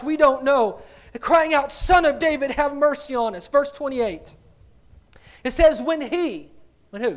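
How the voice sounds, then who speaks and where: High-voiced animated male preacher. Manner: animated storytelling, swings from quiet asides to loud dramatic cries; repeats words while building up a point. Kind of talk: sermon.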